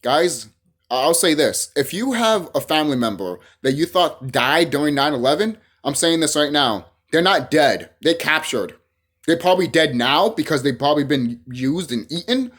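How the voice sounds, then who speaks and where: A man's voice: on the high side, lively intonation, moderate pace, a bit bright. A young man from El Salvador talking casually to camera in a rambling, emphatic, profane way with frequent restarts. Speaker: vlogger.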